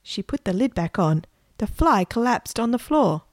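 A woman reading a children's story aloud in a gentle, unhurried way. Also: a little high, very animated, dry recording, studio quality.

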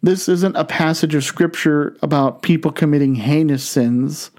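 A man preaching a sermon, reading scripture in a measured, deliberate way. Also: on the high side, darkish tone. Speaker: pastor.

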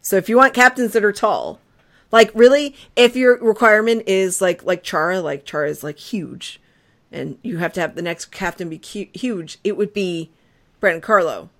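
A young woman hosting a casual podcast chat, playful and quick to laugh. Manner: playful, laughs often, swings in pitch. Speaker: podcast host.

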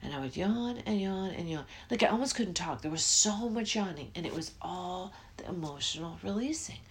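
A woman's voice: on the low side, animated, moderate pace. A middle-aged woman hosting a podcast, talking in a rambling, self-interrupting way and yawning often. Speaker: podcast host. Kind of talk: casual spiritual podcast monologue.

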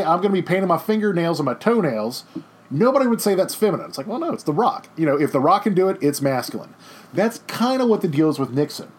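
A man teaching a history lesson over slides in a casual, joking way, with chatty off-the-cuff asides. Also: a little high.

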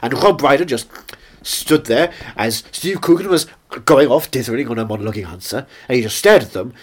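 A man co-hosting a podcast, his voice husky and slightly breathy. His pitch swings widely as he rambles through jokes and tangents. He keeps the chat casual and throws in mock-grand asides. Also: expressive, a little fast. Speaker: podcast co-host.

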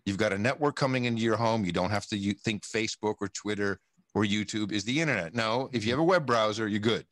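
A man from the United States, a podcast guest talking in a rambling, profane, animated way with many restarts. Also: on the low side, fast, no room sound, studio quality. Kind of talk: casual podcast conversation.

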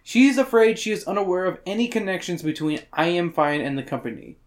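Podcast host, casual book club chat, crude jokes, irreverent, reads chapter summaries, mid-pitched voice. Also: expressive, fairly quick.

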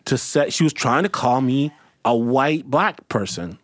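A man hosting a casual roundtable chat, speaking reflectively and haltingly with many restarts. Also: mid-range voice, animated, dry recording, studio quality. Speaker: host.

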